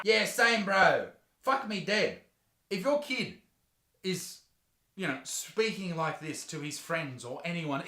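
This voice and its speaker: A man's voice: high voice, bright, forceful tone, echoey room. Sarcastic Australian man ranting. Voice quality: crude, sarcastic. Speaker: comedy youtuber. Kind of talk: ranting comedic commentary.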